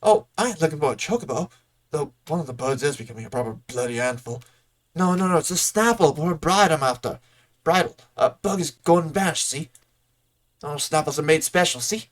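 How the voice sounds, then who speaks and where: A man putting on a gruff rustic stable hand with folksy speech. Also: fairly high pitch, animated, fairly quick. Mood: grumbling. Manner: rough folksy dialect with "ain't", "see?".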